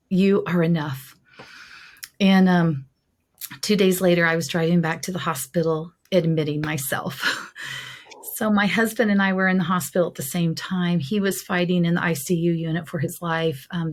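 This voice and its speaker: Middle-aged woman telling her faith story, earnest heartfelt, bit low voice. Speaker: guest sharing her testimony. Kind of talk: personal testimony in an interview.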